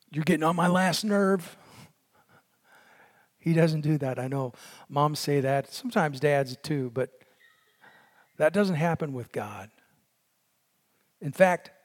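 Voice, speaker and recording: A man delivers a sermon at an unhurried, deliberate pace, earnest and steady. His voice sits a bit higher than most men's and often sinks to a near hush for emphasis. A long hall reverb trails behind every phrase. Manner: slow, earnest preaching that drops to a hush on key lines. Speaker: pastor.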